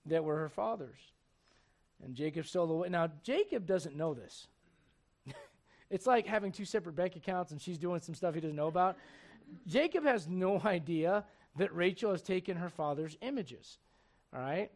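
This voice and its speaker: A high-voiced male pastor delivers an animated sermon, telling stories, acting out characters, and asking the crowd questions.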